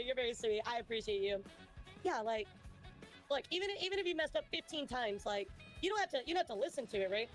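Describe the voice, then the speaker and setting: Fast-talking high-voiced streamer woman, native Russian speaker. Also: animated, faint music behind. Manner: chatty, answers chat messages as she goes. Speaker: VTuber streamer. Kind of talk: livestream chat with viewers.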